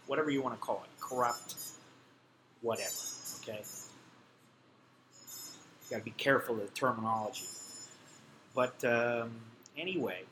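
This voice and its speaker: A man's voice: mid-range voice, normal speed, pauses often, bright, forceful tone, a little hiss or hum, rough recording. A middle-aged man telling a personal story in a casual, blunt and profane way, full of fillers. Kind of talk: casual spoken anecdote.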